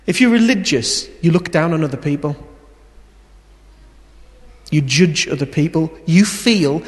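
A man preaching a sermon, telling a story and swinging between loud emphasis and quiet, intimate moments. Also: on the high side, lively intonation, unhurried, long pauses. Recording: long hall reverb.

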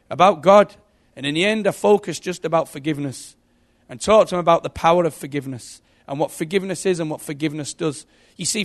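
A middle-aged man giving an emotional sermon testimony, telling stories and swinging from hushed to loud. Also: on the high side. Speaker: preacher.

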